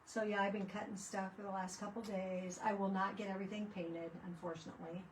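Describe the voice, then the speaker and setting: A woman's voice: medium pitch, flat delivery, a little fast, a little hiss or hum. A woman chatting casually while she does crafts at home, rambling from one story to the next with lots of restarts. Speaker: craft vlogger. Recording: voice picked up from a distance.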